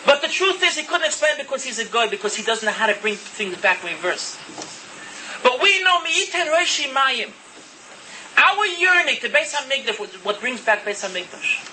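A man's voice: very high-pitched, very animated, normal speed, bright, forceful tone, a little hiss or hum, rough recording. A man delivering an earnest, impassioned sermon, mixing Hebrew terms into his English. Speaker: religious speaker.

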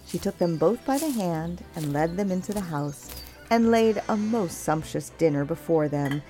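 A woman narrating a fairy tale in a measured, expressive storytelling voice. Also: on the low side, soft background music.

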